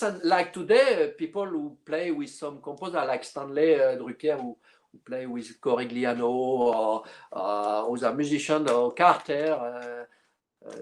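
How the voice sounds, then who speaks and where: A middle-aged man, a clarinetist guest speaking in a casual interview and often pausing to search for words. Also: medium pitch. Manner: halting, searching for words with many fillers.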